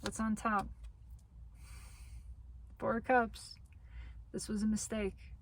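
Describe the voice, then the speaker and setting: A woman giving a spiritual tarot reading to her audience. She talks slowly, repeats her phrases and reassures the listener, and her voice is wearing thin as she loses it. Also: mid-range voice, little pitch movement, rough recording. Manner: slow, repetitive, reassuring phrasing. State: losing her voice. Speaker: tarot reader.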